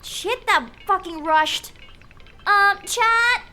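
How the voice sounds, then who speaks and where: Excitable woman streamer talking to chat, very high bright voice, swears a lot. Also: extremely slow, a little hiss or hum. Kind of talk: live game stream.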